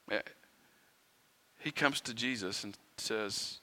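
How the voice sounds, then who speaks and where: A man preaching a sermon in a conversational way, asking the listeners rhetorical questions and swinging between quiet and loud. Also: mid-range voice, normal speed. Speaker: pastor. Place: church sanctuary.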